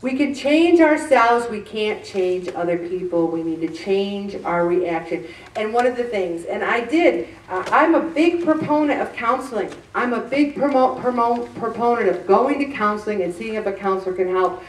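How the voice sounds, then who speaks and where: A woman's voice: mid-range voice, normal speed, slight background noise. Earnest woman talking in a roomy space. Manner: earnest, conversational, with many restarts. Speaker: host. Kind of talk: faith-based self-help talk. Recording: roomy, distant mic.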